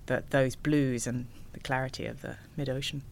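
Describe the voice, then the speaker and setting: A woman, an ocean rower, telling stories as a guest in a casual interview, animated and laughing often. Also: very deep voice, normal speed, vocal fry.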